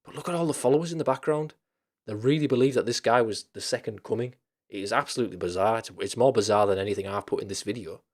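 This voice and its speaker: A man's voice: lowish voice, quick pace. A man hosting a casual chat stream, rambling loosely with lots of fillers, restarts and casual swearing.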